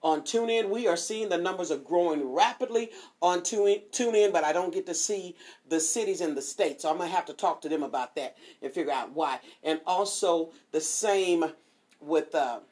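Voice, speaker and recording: A woman hosting a streaming devotional show, chatting casually and giving shout-outs before a Bible reading. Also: on the low side, normal speed. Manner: animated and chatty, swoops up on exclamations.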